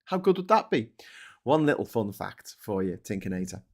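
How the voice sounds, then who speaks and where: A man's voice: fairly low pitch, very animated, normal speed. A man from Liverpool with a Scouse accent, hosting a casual live-stream chat in a rambling, chatty way. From Liverpool, England. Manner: rambling, chatty, frequent fillers and laughs.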